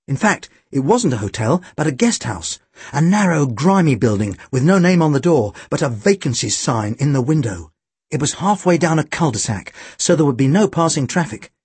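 A man reads a first-person story aloud in a husky, breathy voice that moves all over its range. He lands wry, deadpan asides, and the recording is dry, close and free of room sound. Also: fairly high pitch, no echo. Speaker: audiobook narrator.

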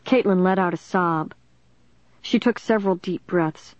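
A reader narrating a suspense novel in the first person, with steady dramatic storytelling. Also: medium pitch, unhurried, no room sound. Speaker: audiobook narrator. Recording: dry, dull lo-fi recording.

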